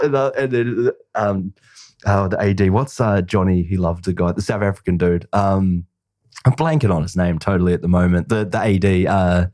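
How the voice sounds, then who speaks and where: A man's voice: deep voice, normal speed, darkish tone, dry recording, studio quality. A man hosting a podcast, telling rambling, slangy anecdotes in casual chat. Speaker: podcast host.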